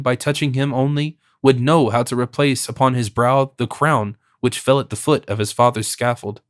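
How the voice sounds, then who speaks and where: A man's voice: medium pitch, no room sound, clean studio sound, natural voice. A man voicing a proud young king who pleads earnestly but haughtily on behalf of an exiled brother, in a read audiobook.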